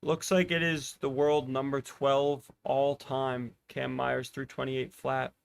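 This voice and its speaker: Smooth-voiced race commentator. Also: male voice, mid-range voice, takes it slowly. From United States. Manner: excited, rising with the race, chatting to live viewers. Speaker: podcast host commentating a race. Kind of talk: live watch-party race commentary.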